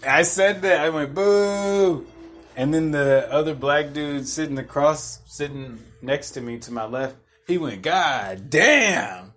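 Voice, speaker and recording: A man's voice: a little high, normal speed, soft background music. A young man hosting a podcast, telling a rambling, laid-back story with restarts and chuckles. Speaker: podcast host. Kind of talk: casual storytelling monologue.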